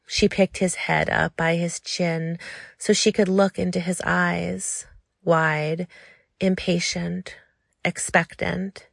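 A woman narrating an audiobook in a slow, intimate, low-key reading. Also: flat delivery, creaky, no room sound, clean studio sound.

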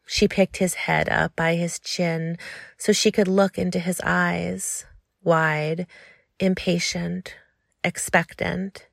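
A woman reading an intimate story aloud in a slow, hushed, lingering way. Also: lowish voice, flat delivery, gravelly, no room sound, clean studio sound. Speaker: narrator.

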